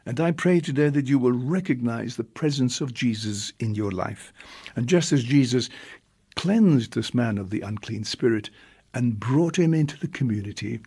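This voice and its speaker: A man, a priest, giving a reflective homily with long pauses and drawn-out emphasis. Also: mid-range voice, animated, warm tone, slightly rough.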